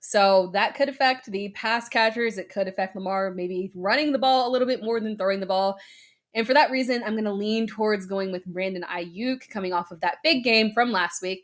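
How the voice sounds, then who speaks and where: Upbeat woman hosting a live advice show. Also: mid-range voice. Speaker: show host answering questions. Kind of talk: live stream advice segment.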